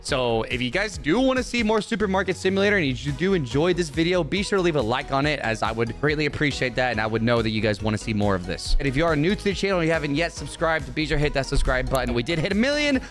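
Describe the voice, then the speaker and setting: A young man playing a video game and chatting to viewers, goofy and excitable, swearing and joking as he goes. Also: fairly high pitch, fast, hardly any pauses, soft background music. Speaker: gaming YouTuber. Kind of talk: let's-play commentary.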